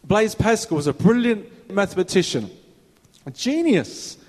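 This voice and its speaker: A man's voice: sits high, big pitch swings, a little slow, a little mellow. A man preaching a sermon as a minister, in a conversational way with rhetorical questions, recorded in a church hall. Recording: reverberant hall.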